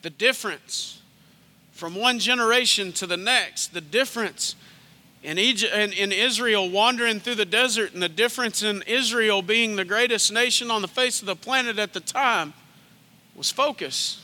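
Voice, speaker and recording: High, bright-voiced male preacher. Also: normal speed, in a large hall. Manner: energetic, conversational preaching with sudden hushed drops. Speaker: pastor. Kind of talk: sermon.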